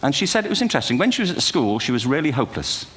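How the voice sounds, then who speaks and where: A man's voice: mid-range voice, big pitch swings, rapid-fire, a bit bright. Wry older man giving a witty lecture. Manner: wry, anecdotal, self-deprecating asides. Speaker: speaker giving a talk. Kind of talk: humorous keynote lecture. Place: large auditorium before a live audience.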